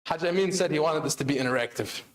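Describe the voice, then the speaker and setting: A man's voice: a little high, fast, a little hiss or hum. A man giving an interactive sermon at a religious celebration, calling on the audience with repeated questions. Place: large hall of an Islamic center. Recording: echoey hall.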